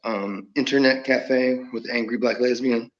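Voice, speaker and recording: A man's voice: medium pitch, fairly even intonation, moderate pace. Rambling, chuckling man on lo-fi audio. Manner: rambling, chuckling, slips into quoted voices. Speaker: channel host. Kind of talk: rambling monologue.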